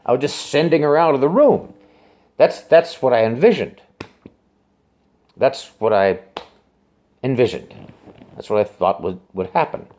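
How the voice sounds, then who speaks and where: A man tells a personal story straight to camera, circling back and repeating himself as he goes. His pitch swings widely, from low, hushed asides to high, urgent bursts. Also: lively intonation. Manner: rambling, halting, repeats himself. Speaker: musician telling a personal story.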